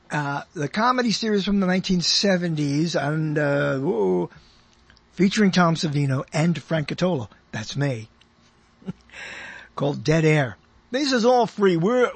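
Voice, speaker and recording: High husky older man hosting radio. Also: no room sound. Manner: chatty and self-amused, rambles with frequent chuckles and restarts. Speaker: radio show host. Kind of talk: rambling radio monologue.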